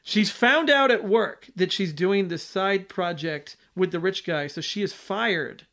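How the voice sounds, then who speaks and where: A man's voice: sits high, measured pace, a bit bright. A man hosting a podcast, recapping a film plot in a loose, rambling chat full of fillers and restarts. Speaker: podcast host.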